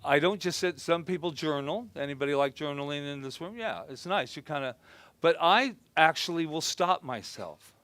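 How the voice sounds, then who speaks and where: A man preaching an informal sermon to a congregation, conversational and joking, who softly acts out his own self-talk. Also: fairly high pitch, animated, moderate pace, no echo. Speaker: minister. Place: spiritual center gathering before a congregation.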